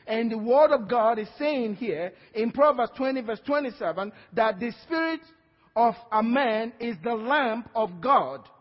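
Male pastor with a Nigerian accent, high and husky, emphatic call-and-response preaching; lo-fi church recording. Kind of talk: sermon. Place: church hall. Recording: dull lo-fi sound with long hall reverb.

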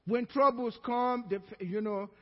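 A male pastor delivering a sermon, telling a story with lively acted-out voices. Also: very high voice, unhurried, long reverb tail, lo-fi sound. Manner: animated storytelling, acting out voices.

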